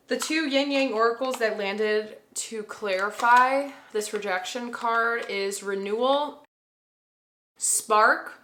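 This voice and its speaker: A woman's voice: medium pitch, sharp tone, roomy sound, slight background noise. A woman chatting casually to camera as she lays out a tarot reading, thinking aloud and breaking into gushing bursts. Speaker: tarot reader. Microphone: camera mic.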